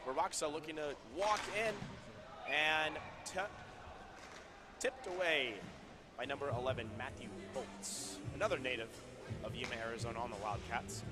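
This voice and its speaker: A man giving casual, chatty play-by-play commentary at an indoor roller hockey rink, with quick bursts of excitement. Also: mid-range voice, over music. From Southern California.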